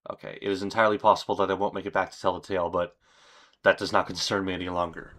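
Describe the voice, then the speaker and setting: A man reading as a grim, weary man writing a confession journal, in a solemn, measured way. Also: low voice, flat delivery, fairly bright tone.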